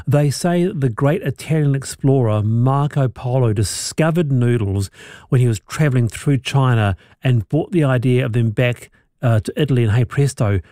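Mellow-voiced male radio host. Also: mid-range voice, no echo, studio quality. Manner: conversational, leading questions, hesitant restarts. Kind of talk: radio interview.

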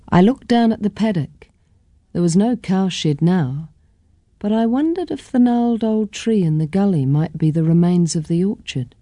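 A woman reading a children's story aloud in a gentle, expressive way. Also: lowish voice, a little slow, no echo, clean studio sound. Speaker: storybook reader.

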